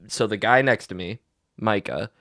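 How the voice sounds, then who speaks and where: A man's voice: fairly low pitch, normal speed, a bit bright, no echo, studio quality. Rambling young man telling a story. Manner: rambling storytelling with many fillers and restarts. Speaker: podcast co-host. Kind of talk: casual chat.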